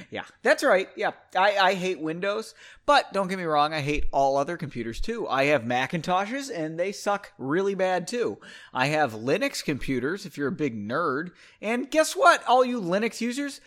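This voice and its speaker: A man hosting a casual solo podcast about his own book, ranting and joking at himself, swinging between loud outbursts and muttered asides. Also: high-pitched, big pitch swings, moderate pace.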